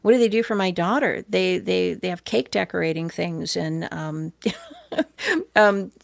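A woman's voice: lowish voice, animated, a little slow, gravelly, no echo, clean studio sound. A middle-aged woman hosting talk radio, emphatic and moralizing, repeating her points for emphasis.

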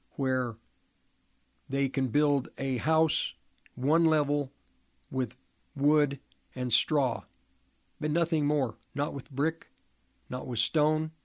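Slow, emphatic man preaching. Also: medium pitch. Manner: halting, repeats and restarts words, emphatic rhetorical questions.

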